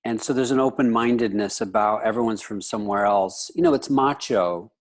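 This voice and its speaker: A man's voice: on the low side, a little fast. A man in his fifties from the United States, a guest in a casual interview who rambles and leans on "you know" fillers.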